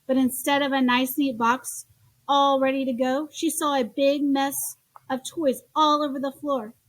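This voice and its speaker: A woman reading children's picture books aloud in an expressive storytelling manner. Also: high voice, unhurried, no echo. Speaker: storybook reader.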